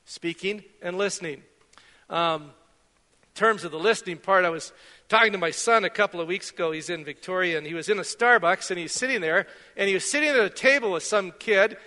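A middle-aged pastor from Canada delivers a relaxed, conversational sermon with a high, bright, forceful voice. He tells anecdotes and pokes fun at his own slips. His voice rings out with the long reverb of a church hall. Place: church sanctuary.

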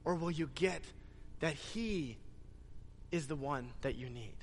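A man preaching a sermon, retelling scripture in an animated way and pressing the listeners with questions. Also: fairly high pitch, slow pace, long reverb tail, slight background noise. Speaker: pastor.

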